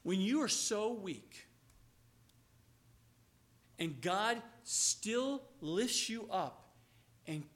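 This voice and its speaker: A man preaching a sermon as pastor, swinging from loud, emphatic lines to hushed, low passages and slowing to stress key words. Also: animated. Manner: acts out quoted voices, slows on key words.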